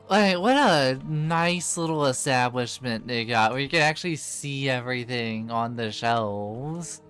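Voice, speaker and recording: A man's voice: fairly high pitch, a bit bright, clear, resonant tone. A man in casual gaming chat, rambling and laughing, with many fillers as he plays. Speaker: game streamer.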